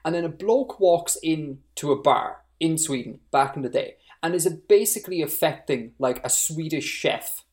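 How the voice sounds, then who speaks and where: A podcast co-host chatting casually, ranting with animation and rising pitch when worked up. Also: lively intonation, moderate pace, hardly any pauses, darkish tone.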